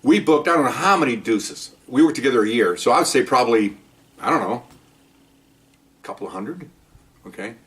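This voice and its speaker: A middle-aged man, a former police officer, telling his own stories in an animated monologue with sarcastic asides. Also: medium pitch, brisk, long pauses. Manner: animated, sarcastic asides, mimics people he quotes. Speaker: retired police officer, podcast host. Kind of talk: storytelling monologue.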